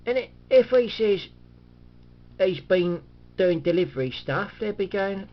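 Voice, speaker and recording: A man's voice: high-pitched, expressive, a little slow, dull audio. A man rambling in a casual monologue, chatty and cynical, chuckling often and restarting his sentences. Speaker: vlogger.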